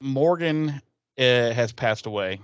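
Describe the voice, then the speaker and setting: A man recapping a TV episode on a podcast in a loose, animated way, jumping into the characters' voices mid-story. His voice sits at a middle pitch. The sound is dry and a little dull. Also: takes it slowly, clean tone, no room sound. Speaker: podcast co-host. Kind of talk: casual recap chat.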